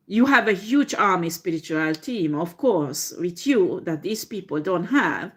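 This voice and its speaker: Slow-talking, profane woman tarot reader. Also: medium pitch. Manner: profane, laughing, animated storytelling with frequent fillers. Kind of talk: tarot reading monologue.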